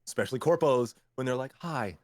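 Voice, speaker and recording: Man, voice actor guest, animated storyteller, dry recording. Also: on the low side, moderate pace, dry recording. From Memphis, Tennessee. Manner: animated storyteller, acts out clients' lines. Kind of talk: casual interview chat.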